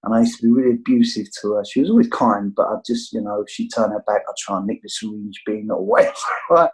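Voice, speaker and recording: A man's voice: lowish voice, fast talker, poor audio. A middle-aged English man with an English accent, telling his recovery story over a video call in a rambling, candid way full of fillers. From England. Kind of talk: casual storytelling.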